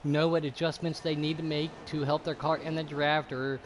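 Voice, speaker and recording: Male esports race caller, higher-pitched, casual play-by-play with sudden loud bursts; faint background noise. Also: level tone, normal speed. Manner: casual, curses freely. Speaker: race commentator. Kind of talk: sim racing play-by-play commentary.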